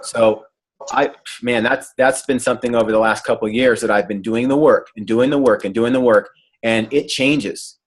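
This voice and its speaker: A man's voice: medium pitch, moderate pace, slightly rough. A man leading a group coaching call, talking in an earnest, encouraging way over a video call. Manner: earnest, animated when imitating excitement. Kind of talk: motivational coaching talk.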